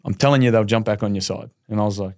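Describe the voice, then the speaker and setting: An Australian footballer in his thirties tells his story as a guest on a casual podcast interview, candid and rambling. His voice sits fairly low and comes out rapid-fire, with clean studio quality and no room sound.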